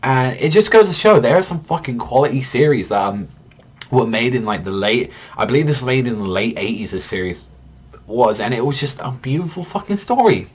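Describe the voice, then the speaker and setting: A man's voice: medium pitch, expressive, fairly quick, breathy edge. A young man reviewing an anime episode in a casual, rambling way, swearing often and filling gaps with "like" and "you know". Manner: rambling, heavy swearing and filler words.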